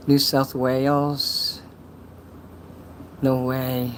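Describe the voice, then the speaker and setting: Man, livestreamer, casual rambling talk, crude jokes, mid pitch, faint background hiss. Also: steady tone, moderate pace, poor audio. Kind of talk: casual livestream chat reading donations.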